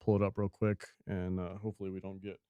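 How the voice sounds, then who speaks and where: A man's voice: sits low, level tone, quick pace, muffled recording, heavy background noise. Laid-back man on a gaming podcast. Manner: laid-back, swears casually, laughs often. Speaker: podcast co-host. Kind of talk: casual gaming chat.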